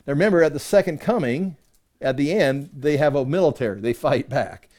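A man's voice: fairly high pitch, brisk, a little mellow. A man teaching a conversational Bible-study sermon, reading verses aloud with emphasis and explaining them with rhetorical questions.

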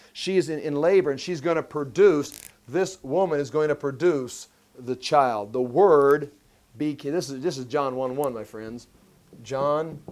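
Man, Bible study sermon, emphatic, repeats phrases, restarts sentences, fairly high voice. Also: a little mellow. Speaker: Bible teacher.

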